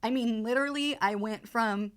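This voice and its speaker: A woman in her thirties, a podcast guest, telling an emotional personal story in halting bursts, full of fillers and repeated words. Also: on the high side, clean tone.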